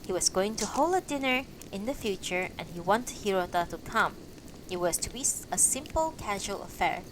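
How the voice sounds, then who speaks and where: Expressive woman reading a novel aloud. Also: medium pitch, moderate pace, noisy background. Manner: expressive reading broken by casual, profane asides. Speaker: audiobook reader and streamer. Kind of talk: live-streamed novel reading.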